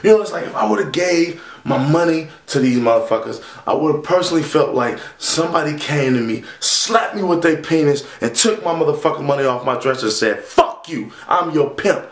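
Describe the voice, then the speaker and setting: A man's voice: a little high, brisk, hardly any pauses. Fired-up man ranting in an echoey room. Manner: animated, swearing, rambling. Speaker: vlogger. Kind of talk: profane rant to camera.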